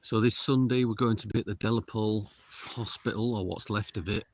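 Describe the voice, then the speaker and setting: A middle-aged man, livestreaming a paranormal investigation outdoors in a windy cemetery and calling out slowly to spirits in a hushed voice. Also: lowish voice, steady tone, dry recording. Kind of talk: casual live commentary.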